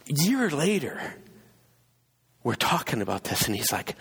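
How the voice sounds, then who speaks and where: A man's voice: fairly high pitch, big pitch swings, measured pace, creaky, long pauses, a bit bright, husky. A man preaching a sermon, telling a personal story and acting out the voices of the people in it. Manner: storytelling, acts out quoted voices. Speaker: pastor. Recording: long hall reverb.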